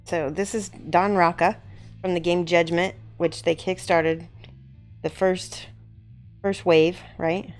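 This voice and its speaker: A woman host chatting excitedly on a live stream as she shows off a miniature she is painting. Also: fairly low pitch, slow, soft background music. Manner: chatty and excitable, often laughing. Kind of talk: casual live-stream chat.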